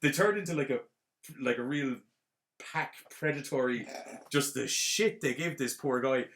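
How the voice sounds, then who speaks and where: A man's voice: mid-range voice, moderate pace, slight background noise. Rambling man recapping a film. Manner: rambling, animated retelling with fillers. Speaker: podcast host.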